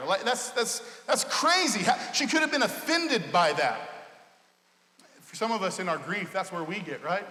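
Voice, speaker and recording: A man's voice: sits high, animated, fairly quick, bright, forceful tone. A male pastor preaching a sermon in a passionate, conversational way. He often restarts and repeats his words, and his voice echoes through the church hall. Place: church sanctuary.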